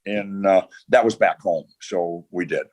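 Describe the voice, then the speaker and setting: An older man, a retired football coach, telling long anecdotes as a podcast guest, with frequent pauses and restarts. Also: sits low, noisy background. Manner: rambling anecdotes, many "uh" and restarts. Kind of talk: storytelling in a podcast interview.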